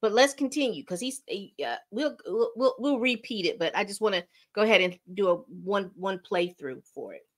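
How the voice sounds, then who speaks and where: A woman's voice: mid-range voice, lively intonation, moderate pace, few pauses. A woman hosting a casual commentary video, chatty and repeating herself as she talks her viewers through a story. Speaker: commentary channel host.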